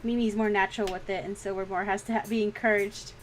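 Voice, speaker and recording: A woman's voice: medium pitch, flat delivery, fast talker, slight background noise. A woman streaming while she draws, chatting casually and frankly, laughing often and swearing freely. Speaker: streaming artist. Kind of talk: casual chat during a drawing stream.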